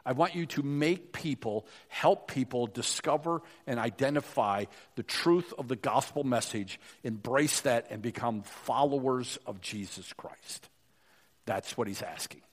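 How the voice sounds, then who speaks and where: A male pastor preaching a sermon, swinging from emphatic rises to hushed drops. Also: medium pitch, a little slow. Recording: long reverb of a large hall.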